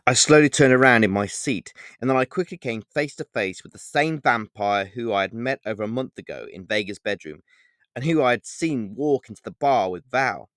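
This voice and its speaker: A man narrates his own novel in the first person, unhurried and full of explanatory asides. His voice sits at an ordinary male pitch. The recording is dry and close, with no room sound. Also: animated, fairly bright tone, no room sound. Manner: measured, explanatory storytelling with digressions. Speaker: author reading his novel.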